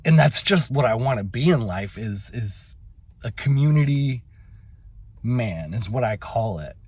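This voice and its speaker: Husky, halting man telling a personal story. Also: mid-range voice, lively intonation, a little mellow. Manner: emotional, halting, with many fillers and restarts. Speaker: vlogger.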